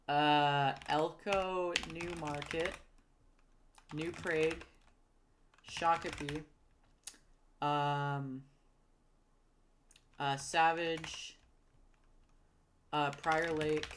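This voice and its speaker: A woman recalling and naming towns out loud, hesitant with many ums, correcting herself and apologizing for her pronunciation. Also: deep voice, a little hiss or hum. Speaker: geography video creator. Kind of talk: casual recall while typing.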